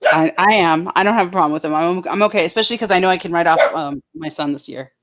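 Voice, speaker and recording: A woman's voice: on the low side, fast, fairly bright tone, slight background noise. A woman co-hosting a casual livestream chat, reading viewer comments and often dissolving into giggles. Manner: giggly, breaks into laughing fits. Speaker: co-host of a livestream chat show.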